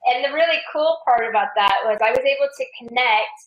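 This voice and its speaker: Woman, author guest, earnest explaining, slightly high voice, echoey room, muffled call audio. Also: brisk. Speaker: author being interviewed. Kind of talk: remote interview conversation.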